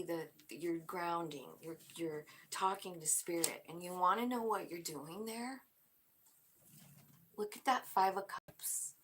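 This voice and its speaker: A woman doing a casual tarot reading, talking straight to her viewers. She is blunt and chatty and swears freely, and her voice sits a little low for a woman. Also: fairly bright tone. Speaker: tarot reader.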